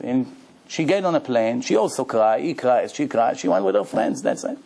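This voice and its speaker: A male rabbi telling a story in a lecture, animated and acting out the dialogue in broken English. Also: mid-range voice, normal speed, gravelly, a little hiss or hum. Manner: broken, non-native-sounding English grammar.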